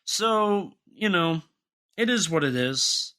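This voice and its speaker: Halting, bright-voiced young man. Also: fairly high pitch, lively intonation. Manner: rambling, halting, many restarts and fillers. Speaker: podcast co-host. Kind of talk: casual podcast chat.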